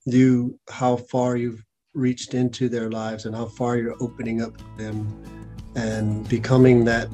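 Male podcast host, flat even delivery, affirming, halting, guitar music behind. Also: mid-range voice. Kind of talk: interview.

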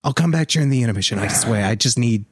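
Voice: mid-range voice, expressive, quick pace, husky, no room sound, clean studio sound. A player improvising a pushy man who keeps begging to squeeze past in a concert row. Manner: pleading, repetitive.

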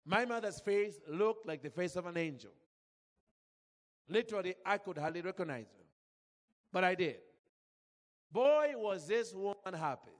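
A man's voice: high-pitched, lively intonation, normal speed, long pauses, long reverb tail. A man from Zambia preaching a sermon, telling a personal story with feeling and calling out to the congregation. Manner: emotional storytelling, calls out to congregation.

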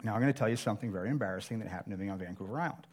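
A man's voice: on the low side, very fast. A middle-aged man preaching a sermon, telling a personal survival story in a conversational, self-deprecating way.

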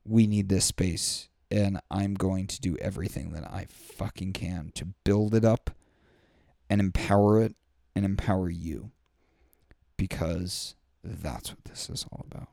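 Speaking in a low, creaky voice with a dark tone, this young podcast host goes a little slow. His solo monologue is a candid, rambling rant, profane yet heartfelt and full of fillers. It's studio quality with no room sound.

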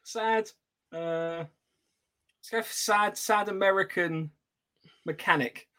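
A man co-hosting a podcast over a video call, jokey and quick to laugh. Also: sits high, sharp tone, smooth. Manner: jokey, giggly. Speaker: podcast co-host. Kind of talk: casual chat.

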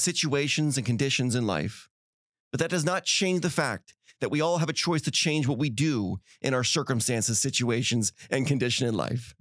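A man delivers a motivational talk as a podcast host. He hammers home his points with emphatic, repeating phrases. His voice sits at a middle pitch, and the room sounds dry and close. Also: no room sound. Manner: emphatic, repetitive preaching cadence. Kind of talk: motivational monologue.

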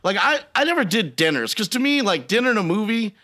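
A man's voice: sits high, sing-song, fast talker, sharp tone. A man hosting a podcast, trading profane, laughing stories in casual banter. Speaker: podcast host.

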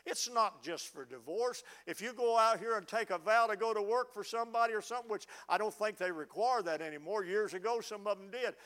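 A man's voice: sits high, brisk, hardly any pauses, a bit bright. A middle-aged man preaching a fervent sermon, often stammering as he restarts words. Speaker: pastor. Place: church sanctuary.

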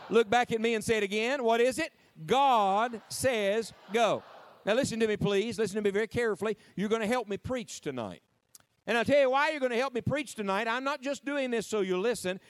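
A middle-aged man preaching a lively sermon to a camp audience, leading call-and-response and stretching out key words for emphasis. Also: high-pitched, no echo.

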